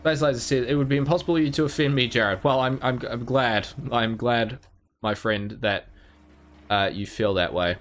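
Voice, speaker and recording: A man's voice: medium pitch, moderate pace, a bit bright, slight background noise. A man from New Zealand chatting casually while streaming a game, rambling and self-mocking with many restarts. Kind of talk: casual gameplay chat.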